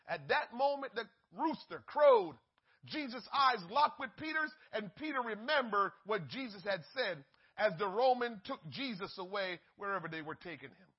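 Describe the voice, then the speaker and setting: A man preaching a sermon, swinging from shouted peaks to hushed asides and acting out the voices in the story. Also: sits high, animated, moderate pace, slightly rough, highs cut off.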